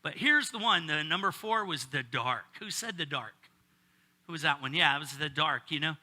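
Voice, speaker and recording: A man's voice: fairly high pitch, normal speed, sharp tone. A middle-aged male pastor preaching a casual sermon, joking and bantering with his congregation.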